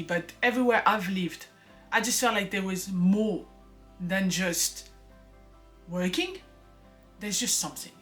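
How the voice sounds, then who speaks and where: Chatty woman vlogger, soft music behind. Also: mid-range voice. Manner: chatty, earnest, with frequent laughs and fillers. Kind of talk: casual personal vlog talk.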